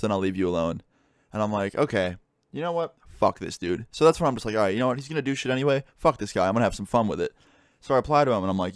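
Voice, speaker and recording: A young man, a gaming YouTuber, casually telling a story time vlog, swearing freely and animated as he retells events. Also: fairly low pitch, dry recording, clean studio sound.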